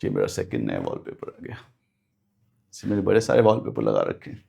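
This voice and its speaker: A man with an Indian English accent teaching an exam-prep lesson on a live stream, switching rapidly between Hindi and English in a chatty way. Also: low-pitched, wildly swooping pitch, gravelly, mellow.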